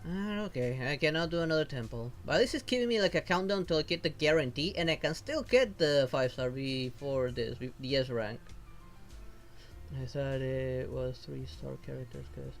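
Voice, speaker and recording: A man's voice: mid-range voice, moderate pace, vocal fry, faint music behind. A man streaming as a VTuber, casually thinking aloud while he pulls and sorts game rewards. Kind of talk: casual gameplay commentary.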